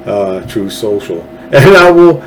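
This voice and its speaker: A man's voice: lowish voice, big pitch swings, a little slow, slight background noise, rough recording. Angry man ranting on his podcast. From Texas. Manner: heated, blunt, swears freely. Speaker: podcast host. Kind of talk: angry political rant.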